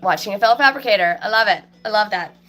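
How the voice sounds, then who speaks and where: A woman with a cold-stuffed voice chats in a loose, rambling way to her viewers, pausing on ums and restarting her sentences. She talks from a small office in her shop. Faint country music plays in the background. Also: medium pitch, animated, fairly bright tone. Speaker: fabricator and vlogger. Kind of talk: casual live chat to viewers. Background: faint country music playing.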